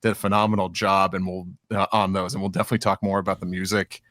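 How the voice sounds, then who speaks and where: A man with a fairly low voice chats loosely as a podcast co-host. He stumbles and restarts often and leans on fillers. The sound is dry and close, with no room echo. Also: flat delivery, fast, fairly bright tone. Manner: chatty, many restarts and "you know" fillers. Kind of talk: casual chat.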